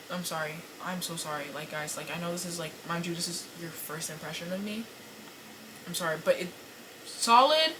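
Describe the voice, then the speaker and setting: Young woman host, casual confessional storyteller, bright edgy tone, filler-heavy and crude, small home room. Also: fairly low pitch, a little hiss or hum, rough recording. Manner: animated, profane, apologetic, lots of fillers. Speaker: podcast host. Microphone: camera set up in front of her.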